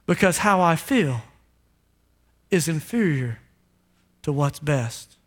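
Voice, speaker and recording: A man preaching a sermon, voicing a suffering man on a cross who speaks of forgiveness in a solemn, slow, hushed way. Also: on the high side, lively intonation, pitched below the performer's own voice.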